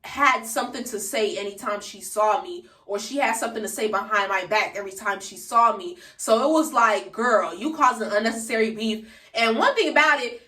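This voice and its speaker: A woman's voice: a little high, fairly quick, few pauses, bright, forceful tone, recorded from a distance. A young woman in her late teens telling a story to her viewers in a chatty, slangy way, recorded on a phone. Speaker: vlogger. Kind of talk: casual storytime vlog. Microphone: phone camera. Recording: echoey room, away from the mic.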